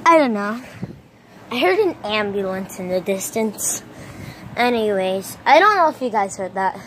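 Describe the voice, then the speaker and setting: A woman vlogging casually on her phone outdoors, playful and excitable, making silly sound effects and letting out sudden yelps. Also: medium pitch, unhurried. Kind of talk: casual vlog commentary. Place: outdoors in a storm. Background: thunder and rain noise.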